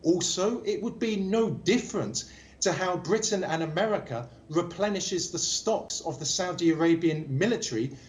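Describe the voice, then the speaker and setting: A man as a guest commentator in a formal political interview, speaking in measured phrases and pressing home his points with rhetorical questions. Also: high voice, expressive.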